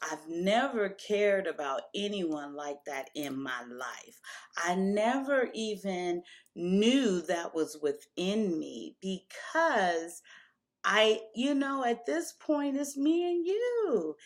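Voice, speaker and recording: A woman's voice: lowish voice, very animated, slow. A woman telling a personal story to camera in a candid, casual way, stopping and restarting as she remembers. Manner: candid, emotional retelling with frequent restarts.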